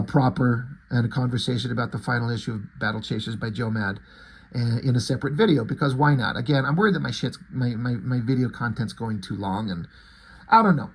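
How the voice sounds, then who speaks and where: A man's voice: medium pitch, fairly quick, creaky, breathy edge. A man reviewing comic books in a casual, rambling way, crude and full of fillers and restarts. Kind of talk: casual chat.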